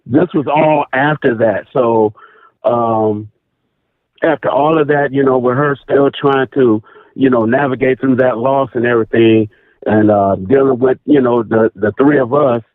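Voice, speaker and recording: A man calling in to a radio talk show, telling a personal story in a casual, animated way and repeating phrases for emphasis. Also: mid-range voice, a little slow, no echo. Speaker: caller. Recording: tinny phone line.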